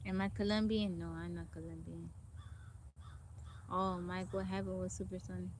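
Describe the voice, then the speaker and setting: A woman's voice: on the low side, little pitch movement, moderate pace, slight background noise. A woman hosting a casual live stream outdoors in a forest, chatting with viewers and greeting them by name. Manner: chatty, greets viewers and reads out their comments. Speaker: livestream host.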